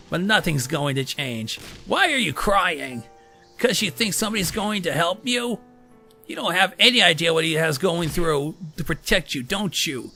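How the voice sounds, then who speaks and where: A man voicing a furious teenage girl who screams and swears, pitching his voice up. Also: bright, forceful tone, full character voice.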